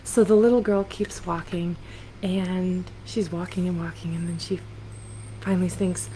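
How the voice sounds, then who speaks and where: Gentle storytelling woman on a laptop mic. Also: fairly low pitch, fairly even intonation, slight background noise, rough recording. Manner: gentle, unhurried storytelling with hesitant fillers. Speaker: singer-songwriter. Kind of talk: storytelling on a livestream. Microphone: laptop computer mic.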